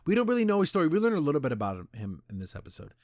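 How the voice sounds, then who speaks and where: A man's voice: a little high, wildly swooping pitch, racing, a little mellow, dry recording, clean studio sound. A man hosting a podcast, chatting casually and animatedly as he reviews an episode and retells its scenes. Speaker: podcast host.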